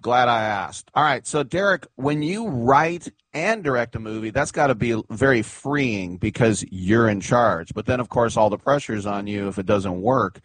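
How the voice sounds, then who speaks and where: A man's voice: mid-range voice, normal speed, hardly any pauses, dry recording. A man hosting a sports radio talk show, telling rambling stories in a chatty way and laughing at them.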